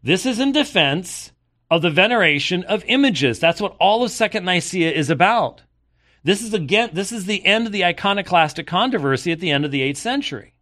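Older guy preaching, kinda high voice, reads old church docs then gets sarcastic and asks the crowd stuff. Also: animated, fairly quick, a bit bright. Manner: reads long quotations, then breaks off with pointed rhetorical asides. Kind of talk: sermon reading aloud from historical sources.

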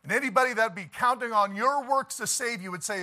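Fiery preacher, bright voice. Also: male voice, very high-pitched, fairly quick. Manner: impassioned preaching, rising to shouts, with chuckles. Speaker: pastor. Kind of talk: sermon.

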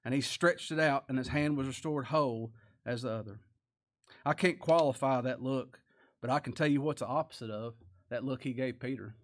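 A man preaching a sermon, swinging from loud, high exclamations down to quiet, soft asides. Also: moderate pace. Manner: preaching with sudden rises in pitch and volume, dropping to quiet asides. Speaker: pastor.

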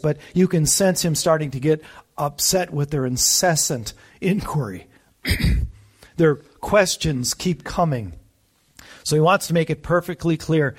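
A man with a slightly high voice preaches in a conversational style, teaching from a Bible passage with emphasis and throwing rhetorical asides to his listeners.

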